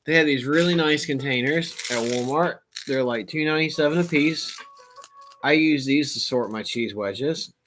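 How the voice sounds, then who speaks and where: A man hosting a casual livestream chat, talking in an animated way and bursting into playful shouting impressions. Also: fairly high pitch, moderate pace, faint music behind. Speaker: livestream host.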